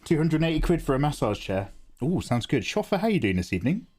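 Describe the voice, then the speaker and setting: A man's voice: on the high side, sing-song, fast talker, a little mellow. A man casually chatting on an art livestream, reading out viewer comments and answering them as he draws. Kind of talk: casual livestream chat while drawing.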